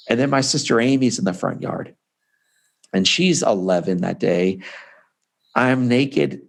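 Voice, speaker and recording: A man in his forties from Missouri, a guest author telling an emotional personal story in an earnest, impassioned way with dramatic pauses, heard over a video call. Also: medium pitch, creaky. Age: 40s.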